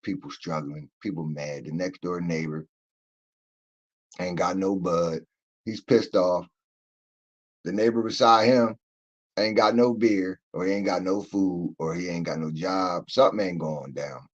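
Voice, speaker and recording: A man rants to his livestream audience in a low, heavy voice. He is blunt and profane, hammering his points home straight to the viewers. The sound is dull and lo-fi. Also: steady tone, a little slow. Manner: emphatic, profane, addresses viewers directly. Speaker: livestream host. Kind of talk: casual commentary rant.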